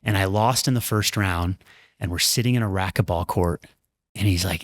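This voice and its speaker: A man's voice: low-pitched, steady tone, no room sound. A man and former pro tennis player, a podcast guest, reflecting earnestly on his career in candid storytelling. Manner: earnest, reflective, talks in quick bursts.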